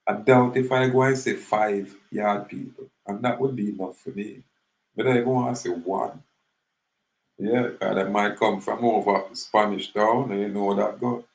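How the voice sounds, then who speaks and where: A man's voice: lowish voice, echoey room, rough recording. A man with a Jamaican accent, talking casually in a rambling monologue that mixes patois and English.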